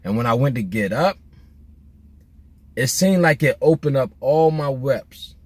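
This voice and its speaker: With a mid-range, expressive, slightly mellow voice, a middle-aged man talks a little slowly as he drives, telling laid-back joking stories full of slang and restarts. There's no room sound on the recording.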